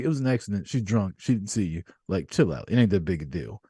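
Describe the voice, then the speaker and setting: A man hosting a podcast, telling stories in a casual, profane, animated way. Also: fairly low pitch, fairly quick, slightly rough, dry recording, studio quality. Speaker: podcast host. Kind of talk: casual chat.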